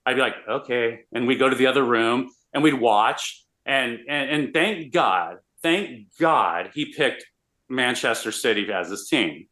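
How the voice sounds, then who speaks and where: A man, a radio host, telling an animated story in a casual interview. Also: medium pitch, unhurried. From Austin, Texas. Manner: animated, excitable storyteller with many restarts.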